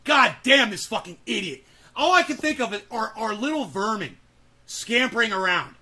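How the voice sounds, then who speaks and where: A man hosting reaction commentary, ranting with profanity, shouting and mocking. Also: high-pitched, expressive, normal speed. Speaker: commentary host.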